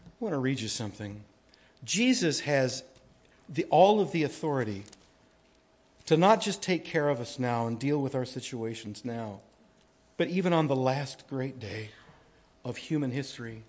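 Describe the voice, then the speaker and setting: A male pastor preaching a sermon to his congregation, telling the story dramatically and swinging from hushed to booming. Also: lively intonation, moderate pace, long pauses. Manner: speaks directly to the congregation.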